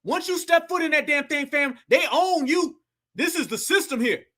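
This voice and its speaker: A man's voice: very high-pitched, animated, moderate pace, pushed and bright. A man hosting a reaction commentary, talking fiery and preachy and calling his listeners family. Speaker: commentary channel host.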